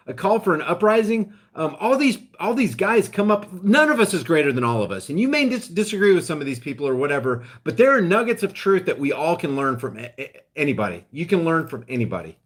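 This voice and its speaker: A man hosting a live stream, ranting in a heated, emphatic way, then dropping into quieter asides to his viewers. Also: fairly high pitch. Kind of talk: impassioned live-stream rant.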